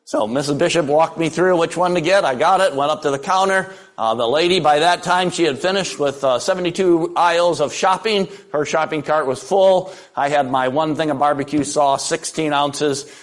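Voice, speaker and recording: A man's voice: on the high side, moderate pace, hardly any pauses. An older man preaching a sermon, telling folksy stories with dry humor. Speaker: pastor.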